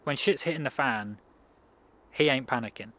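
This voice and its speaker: A man's voice: medium pitch, normal speed, pushed and bright. A man giving a casual self-improvement talk in a loose, rambling way, often restarting his sentences. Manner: rambling, conversational, frequent restarts.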